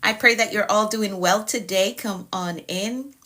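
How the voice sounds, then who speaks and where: A woman who works as a productivity coach, hosting a casual live stream and warmly greeting her viewers by name over and over. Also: medium pitch, unhurried. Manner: upbeat, welcoming, repeats greetings to viewers by name.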